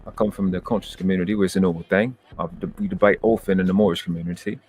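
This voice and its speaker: A man's voice: low-pitched, fairly even intonation, very fast, darkish tone, husky, soft background music. A man with a British accent hosting a livestream, giving brash, profane and boastful commentary into a close mic at home. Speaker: livestream host.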